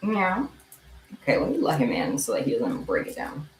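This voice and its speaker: Making kandi bracelets on a livestream at home, a young woman chats away and meows at her cat. She speaks fast with an extremely low pitch, huge swings in pitch, and a darkish tone, in an echoey room with faint ambience.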